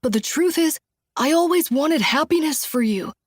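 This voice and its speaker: A woman's voice: high-pitched, expressive, normal speed, no room sound, clean studio sound, pitched above the performer's own voice. A woman voicing a controlling man who built a synthetic wife, with a nasal, strained way of speaking in an audiobook thriller. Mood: pleading. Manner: controlled, then pleading and explosive.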